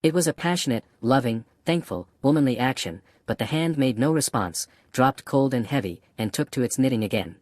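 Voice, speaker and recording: A man reading a classic novel aloud as an audiobook narrator, in a steady, even manner. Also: mid-range voice, fairly quick, hardly any pauses, no echo. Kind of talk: scripted narration.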